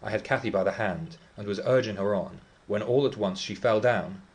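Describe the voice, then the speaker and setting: A man's voice: on the low side, a little fast, close to an everyday voice. A man reading the part of Heathcliff, a brooding, defiant teenage boy, telling his tale with scorn and vehemence. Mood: scornful.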